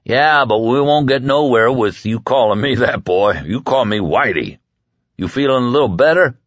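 A man voicing a friendly, folksy camp cook who talks with rough grammar, read from an audiobook. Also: mid-range voice, expressive, normal speed, a bit bright, no room sound, highs cut off, pitched above the performer's own voice. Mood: welcoming.

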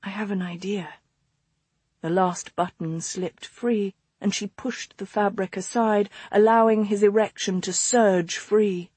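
A woman narrating a romance audiobook in a soft, slow, intimate read. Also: mid-range voice, steady tone, husky, dry recording.

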